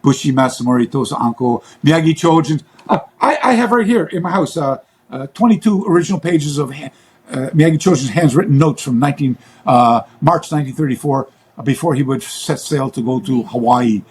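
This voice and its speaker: A man speaking as an interview guest in a casual chat, rambling and halting, with many fillers and restarts. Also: medium pitch, expressive, a little mellow, a little hiss or hum, rough recording.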